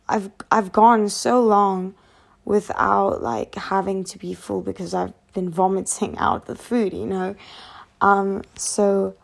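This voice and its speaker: A woman with a mid-range voice and vocal fry speaks candidly to camera, exhausted from lack of sleep. Her personal vlog is a frank ramble peppered with swearing.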